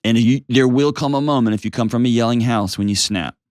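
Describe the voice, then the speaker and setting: Calm reassuring man on a dry studio mic. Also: medium pitch, brisk, no room sound. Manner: calm, reassuring, emphatic coaching. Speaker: host. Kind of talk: call-in advice show.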